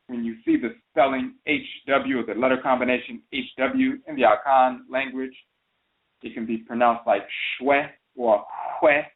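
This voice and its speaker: A man hosting a talk radio broadcast, giving a spoken lecture and carefully repeating and spelling out terms as he explains them. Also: mid-range voice. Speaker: radio show host. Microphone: phone call into a talk radio show. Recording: tinny phone line.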